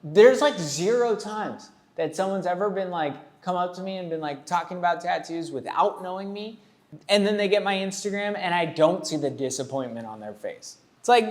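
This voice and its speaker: A man's voice: high-pitched, expressive, normal speed. A man in his thirties, a tattoo artist, giving casual, rambling and jokey commentary with a sarcastic streak.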